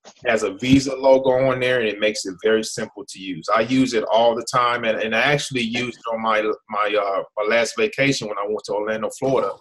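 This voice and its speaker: A fairly low, a bit bright male voice with fairly even intonation comes through poor audio at a slightly fast pace. The American host of this online hangout presents casually, restarting often and asking "okay?" again and again.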